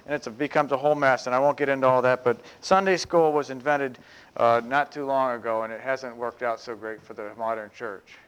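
A man preaching a sermon as pastor, chatty, with humorous asides, and slowing down to stress key phrases. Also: mid-range voice, fairly bright tone, smooth.

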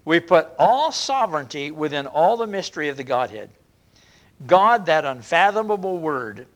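A man preaching a sermon in an earnest way, often stretching key words slowly and restarting phrases. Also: on the high side, big pitch swings. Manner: earnest, drawn-out emphasis with frequent restarts.

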